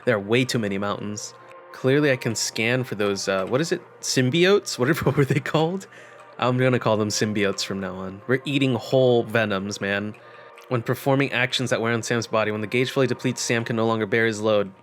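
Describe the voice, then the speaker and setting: A man's voice: medium pitch, a little fast, a little hiss or hum. A young man giving casual let's-play commentary, wry and joking as he thinks aloud. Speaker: gaming channel host.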